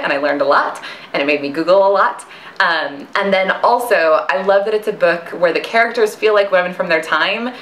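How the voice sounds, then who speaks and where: A woman's voice: fairly low pitch, a bit bright, a little hiss or hum. A young woman casually recommending books, enthusiastic and chatty with fillers and asides. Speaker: author and book recommender. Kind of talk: casual book recommendation video. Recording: echoey room.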